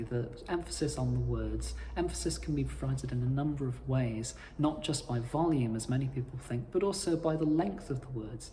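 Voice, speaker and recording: A man explaining how to cantor psalms in a measured, formal instructional talk. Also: medium pitch, mellow, in a large hall, a little hiss or hum. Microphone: playing his own accompaniment.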